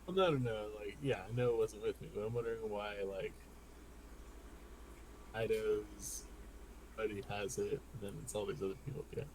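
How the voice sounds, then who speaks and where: A man's voice: lowish voice, moderate pace, pauses often, darkish tone, slight background noise, poor audio. A man playing a tabletop game, chatting casually in a rambling, amused way. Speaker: player.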